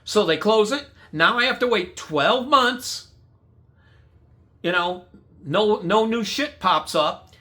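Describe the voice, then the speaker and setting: Man, bright high voice, blunt angry storyteller, swears freely. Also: lively intonation, slow pace, pauses often. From United States. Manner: blunt, heavy swearing, re-enacts dialogue. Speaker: guest telling his story.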